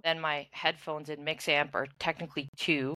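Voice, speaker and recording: A woman's voice: low voice, little pitch movement, normal speed, pushed and bright, no echo. A young woman co-hosting a podcast, rambling casually and full of "like". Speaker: podcast co-host and streamer. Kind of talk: casual chat.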